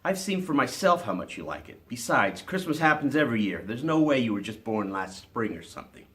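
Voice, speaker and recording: A man's voice: mid-range voice, sing-song, brisk, fairly bright tone. A man reading aloud and voicing a cheerful, teasing young woman in a storybook. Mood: playful.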